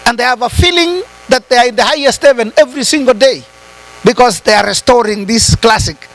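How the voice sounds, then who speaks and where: A man giving a high-voiced motivational talk. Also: a little fast, a bit bright, low-quality recording. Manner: switches between English and Swahili, asks the audience rhetorical questions. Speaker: retreat speaker.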